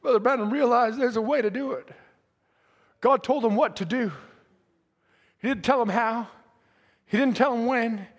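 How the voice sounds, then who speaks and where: A male preacher delivering a sermon, building from quiet reasoning to impassioned shouts. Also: very high-pitched, normal speed, pauses often. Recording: long hall reverb.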